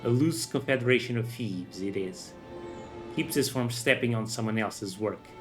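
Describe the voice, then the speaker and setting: A gruff, streetwise male thief with rough slangy talk, as a man reads him out. He sounds like a street tough sizing someone up. Faint music hums behind the voice. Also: mid-range voice, normal speed, close to an everyday voice. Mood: sly.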